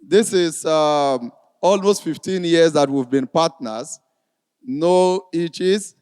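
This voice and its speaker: A man giving a relaxed, chatty stage address at a finance event, with many fillers. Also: on the high side, slow pace, clean tone. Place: large event hall. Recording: reverberant hall, long echo.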